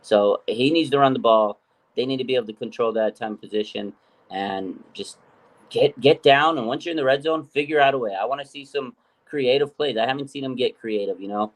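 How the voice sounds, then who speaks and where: A male podcast host chats about football in a loose, rambling way, leaning on fillers as he thinks. His voice is an ordinary mid pitch. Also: a little fast. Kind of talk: casual sports podcast chat.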